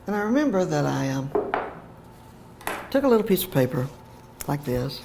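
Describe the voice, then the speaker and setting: An older woman, a teacher educator, telling a heartfelt personal story in an animated way, with fillers and laughter. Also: sits low, moderate pace, creaky, noisy background.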